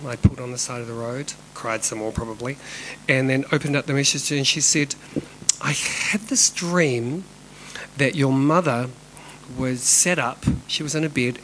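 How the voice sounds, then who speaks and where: A man's voice: mid-range voice, fairly bright tone, slight background noise, poor audio. A middle-aged man, telling a personal story in a candid way, swearing freely and sometimes dropping to a whisper. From New Zealand. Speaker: dance company director telling a personal story.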